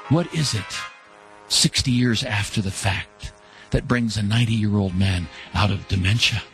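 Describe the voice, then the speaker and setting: A man telling an inspirational story in an earnest way, slowing down for emphasis. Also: on the low side, fairly bright tone, faint music behind.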